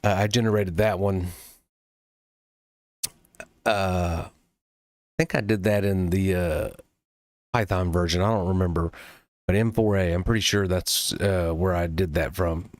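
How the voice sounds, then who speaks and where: A man demoing software he built, talking casually and loosely, with plenty of pauses and some cursing. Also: low-pitched, fairly even intonation, no room sound. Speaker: developer demoing his own app. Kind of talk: casual late-night screen-recording talk.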